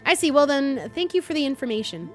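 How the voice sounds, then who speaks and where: A woman's voice: high-pitched, sing-song, quick pace, faint music behind, pitched above the performer's own voice. A woman voicing a tired middle-aged businessman who talks in a stiff, formal, literal way.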